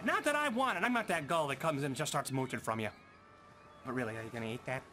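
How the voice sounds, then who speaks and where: A man voicing a chatty, scheming male seagull in a game, fast and jokey. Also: mid-range voice, expressive, bright, forceful tone, slight background noise. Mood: wisecracking. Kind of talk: cartoony game voice acting. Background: game music.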